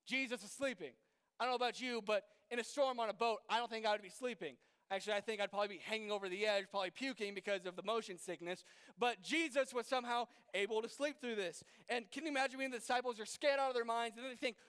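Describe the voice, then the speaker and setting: Young man, youth pastor, very high voice, smooth tone, casual sermon, echoing hall. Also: fast talker, a bit bright. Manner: casual, conversational preaching with many fillers and rhetorical questions. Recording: long hall reverb.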